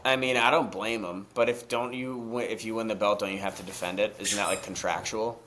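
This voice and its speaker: A young man co-hosting a podcast in casual chat, excitable and swearing freely, rambling through restarts. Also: on the low side, fairly quick, a little hiss or hum. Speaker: podcast co-host.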